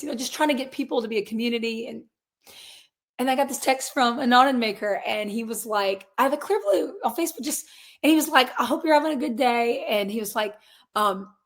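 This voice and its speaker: A woman in her twenties, a guest in a casual interview, talking earnestly and rambling through restarts and quoted asides. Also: a little high. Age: 20s. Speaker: guest, singer and real estate agent.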